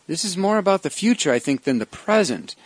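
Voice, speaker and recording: Reflective pastor, man, slightly high voice. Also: sing-song, fairly quick, no room sound. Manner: reflective, explanatory, with frequent restarts. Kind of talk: Bible study discussion.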